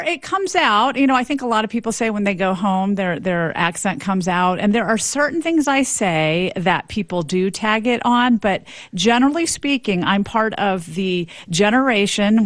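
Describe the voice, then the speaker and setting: Lively American professor woman, dry sound. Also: mid-range voice, dry recording. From Memphis, Tennessee, American South. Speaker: linguistics professor and author, guest. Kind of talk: radio interview, explaining.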